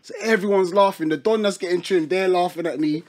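A man's voice: high voice, a little fast. A young man, telling a funny story in casual chat and laughing a lot as he goes. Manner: animated, laughing storytelling in slang.

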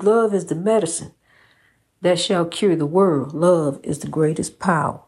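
Woman, preachy, repetitive, swooping pitch, impassioned motivational talk. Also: measured pace, darkish tone, slightly rough. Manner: preachy, repeats phrases, calls listener honey. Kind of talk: impassioned faith-based pep talk.

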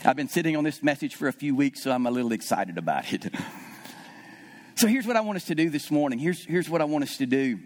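High-voiced man preaching a sermon. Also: lively intonation, fast talker. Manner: repeats key phrases for emphasis; calls on the congregation to respond. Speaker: pastor. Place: church service.

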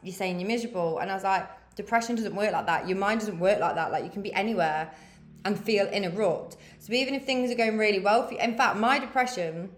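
A woman's voice: medium pitch, fairly quick, reverberant. A woman of thirty giving a frank, motivational pep talk as a podcast host. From England. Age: 30s. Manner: frank, swears freely, big-sister tone. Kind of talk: candid motivational chat.

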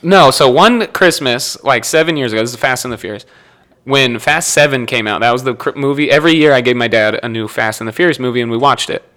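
Bright-voiced young man rambling with laughs. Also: medium pitch, fast talker. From Nebraska. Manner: rambling storyteller, laughs often, self-corrects. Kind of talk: casual chat.

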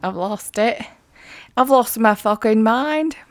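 A woman's voice: on the high side, expressive, slow pace. A woman in her thirties co-hosting a casual podcast chat. She laughs often, swears freely and keeps losing her train of thought. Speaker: podcast co-host.

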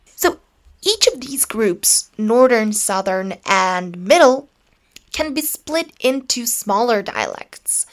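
A woman hosting an educational podcast, explaining clearly and lifting her voice on key words. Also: a little high, animated, slow. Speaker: podcast host.

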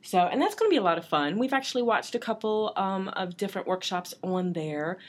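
A woman's voice: medium pitch, lively intonation, brisk. Brief: female podcast co-host, upbeat, chimes in, mid-range voice. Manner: upbeat, laughs often, chimes in. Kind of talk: casual banter.

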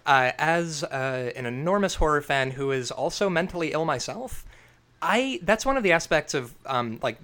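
A man's voice: fairly high pitch, expressive, normal speed, sharp tone. Earnest man in casual podcast talk. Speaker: podcast co-host. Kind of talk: casual chat.

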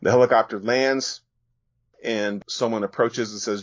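A man's voice: lowish voice, steady tone, unhurried, no echo. A man, a graphic novelist guest on a podcast, casually walking listeners through his comic page by page. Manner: casual, descriptive, with fillers. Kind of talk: reading and describing his comic. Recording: dull, dry sound.

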